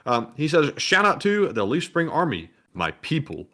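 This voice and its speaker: A male co-host on a casual livestream, reading viewer donations aloud. His voice sits a little high, and he keeps an easygoing, chatty tone with brief chuckles. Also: big pitch swings, moderate pace, a bit bright. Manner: reads donation messages, light chuckles.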